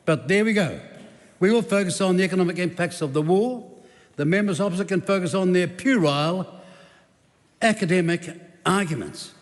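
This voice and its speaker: A man with a high-sitting voice and moderate pace speaks as a New Zealand government minister. His debate speech is combative and sarcastic, and it echoes through the large parliamentary chamber.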